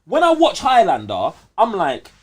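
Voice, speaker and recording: A man co-hosting a casual podcast chat, animated and full of slang. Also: high voice. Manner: animated, slangy, quick back-and-forth. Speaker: podcast co-host.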